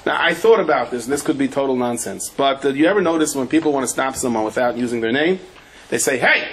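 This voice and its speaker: A rabbi teaching a Torah class, telling stories with animation and acting out the people in them. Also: male voice, medium pitch, fast, slight background noise. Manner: animated storytelling, acts out the people in his anecdotes.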